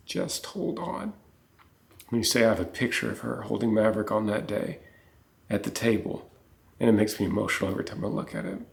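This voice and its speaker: A man's voice: on the low side, gravelly, a little mellow. A man co-hosting a casual chat, reading passages from a book aloud, earnest and easily moved. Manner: earnest, gets emotional. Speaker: co-host.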